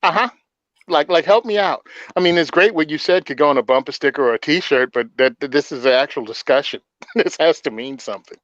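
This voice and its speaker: A man's voice: fairly high pitch, brisk, fairly bright tone, no echo, muffled recording. A man hosting a casual political chat, blunt and sarcastic, often laughing at his own points. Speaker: podcast host.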